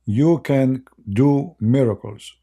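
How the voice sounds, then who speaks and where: Gravelly man with broken English. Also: mid-range voice, slow pace, mellow. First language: Arabic. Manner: broken English, rambling and mocking. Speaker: online commentator. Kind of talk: casual joking monologue.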